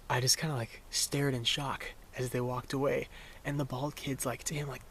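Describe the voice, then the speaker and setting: A young man talks in an easy, rambling vlog style at a middling pitch, leaning on filler words as he goes. Clear traffic and outdoor noise run underneath the whole time. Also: normal speed. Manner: laid-back, rambling, full of "like" fillers. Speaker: vanlife vlogger. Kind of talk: casual vlog storytelling. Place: around his van and campsite. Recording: steady road and outdoor noise behind.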